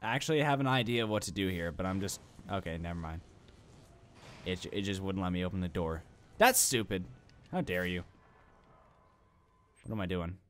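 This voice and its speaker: A man's voice: low-pitched, expressive, moderate pace, long pauses, fairly bright tone. A young adult man giving let's play commentary, rambling and self-mocking and talking back to the game. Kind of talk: gaming commentary.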